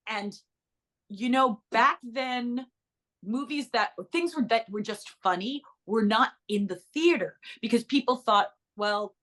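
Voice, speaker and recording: A middle-aged woman, an actress and author, telling stories in a bubbly interview chat with quick asides. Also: a little high, a bit bright.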